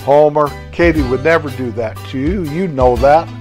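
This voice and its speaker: A man voicing a patient, sensible old country man who calmly corrects his friend. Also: on the high side, normal speed, soft background music, close to an everyday voice. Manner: calm, gently correcting.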